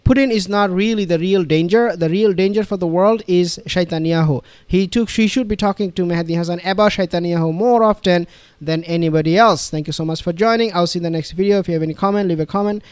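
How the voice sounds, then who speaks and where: High-voiced man giving emphatic commentary. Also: fast, darkish tone, clean tone, no room sound. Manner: emphatic, repetitive, with many fillers and restarts. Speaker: online commentator. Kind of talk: reaction commentary on a played clip.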